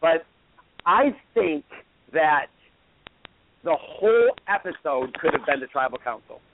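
A man's voice: on the high side, animated, a little slow, a little hiss or hum. A man hosting a casual call-in show, rambling with lots of restarts and repeats. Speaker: host. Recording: tinny phone line.

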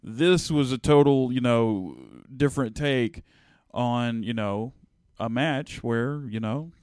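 A man's voice: mid-range voice, takes it slowly, darkish tone, clear, resonant tone, no room sound, studio quality. A middle-aged man co-hosting a casual wrestling podcast, rambling with lots of filler words. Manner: rambling, many "you know" fillers. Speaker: podcast co-host.

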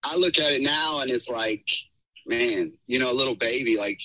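A middle-aged man telling a personal story in a casual podcast chat, rambling and animated, with many fillers. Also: medium pitch, normal speed, dry recording, poor audio. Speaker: podcast guest.

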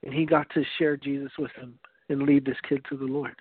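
A man's voice: medium pitch, level tone, fairly quick, breathy edge, dry recording. A man giving an earnest evangelistic teaching, telling a story with frequent restarts. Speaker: preacher. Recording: dry, phone-like narrow sound.

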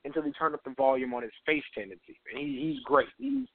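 A man's voice: medium pitch, very animated, quick pace, no room sound. A man chatting enthusiastically about wrestling on a podcast. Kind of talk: casual wrestling chat. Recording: phone-line audio, dry.

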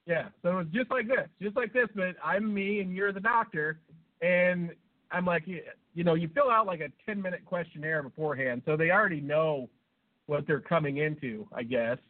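A man's voice: fairly high pitch, normal speed. A man co-hosting a podcast, rambling through crude banter and laughing at his own jokes, sounding stuffed up from a cold. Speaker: podcast co-host. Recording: tinny phone-like sound.

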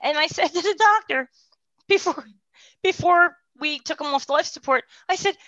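A woman tells her story in a heartfelt personal testimony. Her voice drops to a hush, then lifts into quick, animated bursts. The sound is dry and a little muffled, as on a lo-fi recording. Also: very high voice, dry recording. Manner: heartfelt, swings from hushed to animated. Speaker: guest sharing a personal story.

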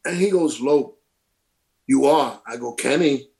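A middle-aged former pro ballplayer from Brooklyn, New York, guests on an interview and casually tells stories, acting out quotes and swearing freely. His medium-pitched voice is gravelly and warm, and he talks a little slowly.

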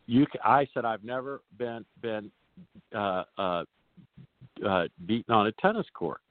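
A male tennis coach, a guest on a radio show, telling stories in a folksy, animated way and acting out the players he quotes. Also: fairly low pitch, measured pace, no room sound. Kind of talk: radio interview storytelling. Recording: dry tinny phone line.

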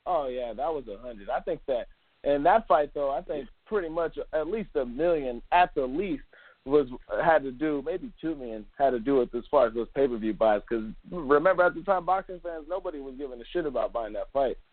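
A man's voice: fairly high pitch, expressive, a little fast, no room sound. A man hosting a casual sports podcast, rambling and loose, with some swearing. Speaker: podcast host. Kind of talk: casual chat. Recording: dry, phone-like line.

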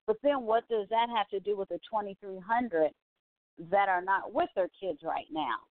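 A woman's voice: mid-range voice, normal speed, no echo. Woman, chatty live-stream host, rambling casual commentary, thin phone-like sound, dry. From California. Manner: chatty, full of "you know" and asides. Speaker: host of a live online talk show.

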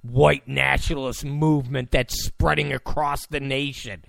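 A male talk show host delivering an incredulous, sarcastic rant, repeating himself and breaking into sudden shouts. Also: mid-range voice, level tone, a little slow, vocal fry, few pauses, dry recording. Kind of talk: ranting commentary. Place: Los Angeles.

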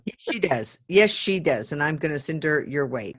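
A woman hosting a podcast in casual chat, giving brisk, emphatic advice. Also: deep voice, expressive, husky. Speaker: podcast host.

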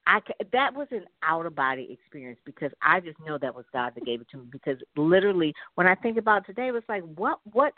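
A woman, an author and guest, sharing a faith testimony in an interview as a lively storyteller who repeats her points for emphasis. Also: lowish voice, fast, hardly any pauses, no room sound. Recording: tinny phone line.

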